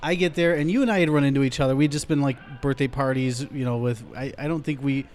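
A man's voice: medium pitch, fairly even intonation, fast talker, a little mellow, faint music behind. A man hosting a podcast, casually chatting and telling stories in a mumbly, rambling way. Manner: mumbly, rambling storyteller with restarts. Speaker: podcast host. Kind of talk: casual chat.

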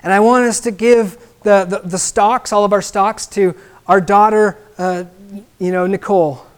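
A man voicing a dying rich old man who dictates his will in halting bits, in a sermon joke. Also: high voice, steady tone, smooth, lightly acted. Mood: insistent.

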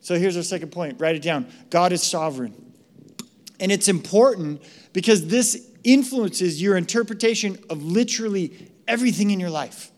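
High-voiced animated American preacher. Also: male voice, normal speed. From United States. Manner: animated storytelling, frequent "right?" asides. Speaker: pastor. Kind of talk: sermon with personal story.

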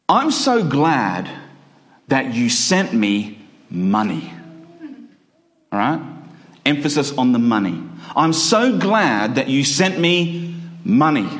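A man preaching a sermon, explaining a scripture passage with earnest, deliberate emphasis. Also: fairly high pitch. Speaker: pastor.

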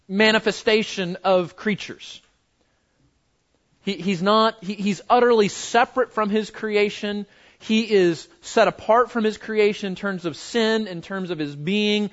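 A man delivers a sermon in a rather high voice, hammering points home by repeating words and throwing questions at his listeners. The recording sounds a little dull and lo-fi. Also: a bit bright. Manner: emphatic, repeats words for stress, asks the audience questions. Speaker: pastor.

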